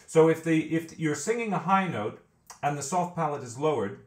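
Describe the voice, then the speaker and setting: A man's voice: on the high side, lively intonation, normal speed, echoey room. A man teaching a vocal training lesson, explaining step by step and often repeating words as he thinks. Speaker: vocal coach.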